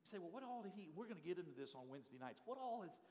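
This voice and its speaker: A middle-aged male pastor, telling stories in a sermon and swinging from hushed telling to loud shouting. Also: high-pitched, sing-song, very fast. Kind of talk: storytelling sermon. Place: church sanctuary. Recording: live church hall reverb.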